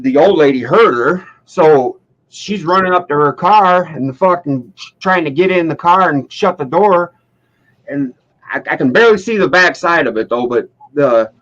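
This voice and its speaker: A man in his thirties casually telling a long, profane joke as if it were true, with a rambling, deadpan build-up. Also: a little high. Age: 30s. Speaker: storyteller. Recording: dull lo-fi sound.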